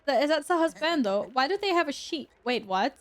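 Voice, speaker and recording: A woman's voice: sits high, lively intonation, a little fast. A young woman streamer giving casual gameplay commentary, chatty and easily amused, talking back to the game.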